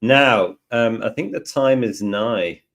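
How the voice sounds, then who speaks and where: A man hosting a live software lesson, chatting and joking as he thinks aloud through each step. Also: mid-range voice, slow pace. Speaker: tutorial host.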